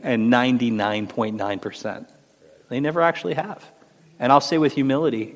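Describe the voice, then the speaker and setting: On a Christian podcast, the male host talks about faith earnestly and encouragingly, sounding like a preacher. His voice is medium in pitch, steady in tone and fairly quick, recorded in a roomy space with long reverb.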